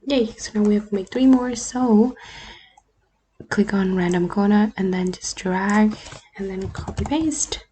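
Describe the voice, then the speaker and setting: A woman whose first language is not English, talking through a screen-recorded editing tutorial in a relaxed, often half-whispered way. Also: medium pitch, a little slow, a little hiss or hum. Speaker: YouTuber. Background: faint keyboard and mouse clicks.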